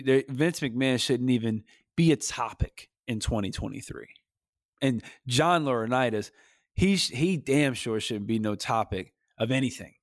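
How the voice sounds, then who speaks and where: A man co-hosting a podcast, with a mid-pitched voice recorded close and dry. He talks in a heated, animated, slangy way and often jumps his pitch up for emphasis. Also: dry recording. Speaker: podcast co-host. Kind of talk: casual podcast chat.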